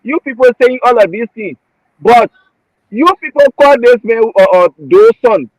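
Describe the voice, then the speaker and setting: A Liberian-accented man talks politics with heat and feeling, his voice pitched high for a man. He circles back over his points again and again. The sound is close and dry, with no room around it. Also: animated, moderate pace, a little mellow, no room sound, rough recording. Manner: emotional, repetitive, heated. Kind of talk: passionate political commentary.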